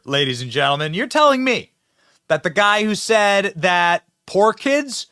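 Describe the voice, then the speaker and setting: A man's voice: sits high, sing-song, a little slow, pushed and bright, no echo, studio quality. A man hosting a mocking political commentary video, talking sarcastically and laughing at the clips he shows.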